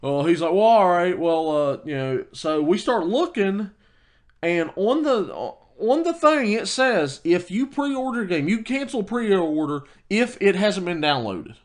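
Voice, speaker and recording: A man's voice: high-pitched, lively intonation, measured pace. Worked-up man telling a story. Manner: storytelling, quoting himself heatedly, lots of restarts. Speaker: podcast co-host. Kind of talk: casual chat.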